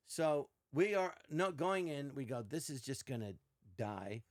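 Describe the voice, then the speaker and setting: A man's voice: medium pitch, measured pace, no echo, clean studio sound. An older man, a podcast guest, telling stories in casual chat and acting out quoted lines with shifting voices. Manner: animated, acts out quotes in varied voices.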